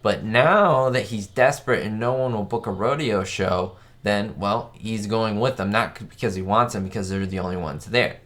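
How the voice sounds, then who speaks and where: A man's voice: lowish voice, normal speed, hardly any pauses, fairly bright tone. A man hosting a live stream, chatting enthusiastically in a casual way and reading out viewer questions.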